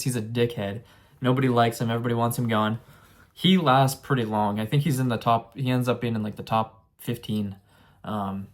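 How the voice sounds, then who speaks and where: A young man giving a casual, rambling book review, earnest and full of fillers and restarts. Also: mid-range voice.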